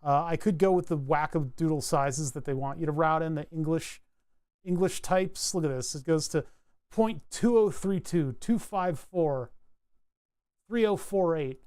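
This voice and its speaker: A man's voice: on the high side, measured pace, a little mellow, clear, resonant tone. A man chatting casually on a live stream while designing a circuit board, rambling with wry asides and frequent self-corrections.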